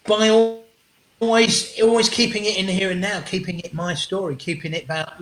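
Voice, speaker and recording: A man, a comedian guest telling animated, sweary stories in an interview and acting out what people said. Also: high voice, fairly quick. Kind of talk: storytelling interview chat. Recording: roomy echo.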